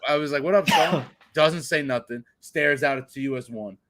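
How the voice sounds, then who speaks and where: Speaking at normal speed in a slightly high voice, a twentysomething man from Florida hosts a podcast and shares a foul-mouthed story. He's lively, doing voices for each character in the anecdote.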